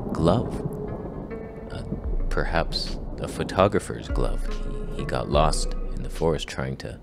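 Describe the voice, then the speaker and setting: A man narrating his wildlife walks in a casual, joking way, deadpan and absurd, breaking into squeaky excited outbursts. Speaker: wildlife video creator. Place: outdoors on nature walks.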